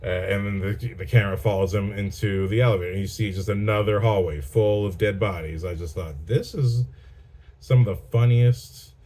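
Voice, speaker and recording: A man's voice: low-pitched, steady tone, a little fast, few pauses, a little mellow, a little hiss or hum. A filmmaker talking casually about a film he watched, rambling and enthusiastic with many restarts. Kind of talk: casual chat.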